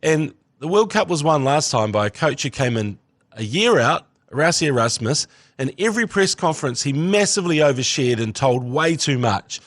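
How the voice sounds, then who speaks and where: A man with a New Zealand accent co-hosting a casual podcast chat, sweary and animated. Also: on the high side, normal speed, no echo, studio quality. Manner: sweary, animated, jokes in put-on voices. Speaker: podcast co-host.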